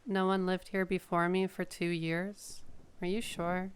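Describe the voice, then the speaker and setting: Brief: soft-spoken friendly young neighbor woman, played by a woman, low voice and very clean tone. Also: steady tone, a little slow, smooth, lightly acted.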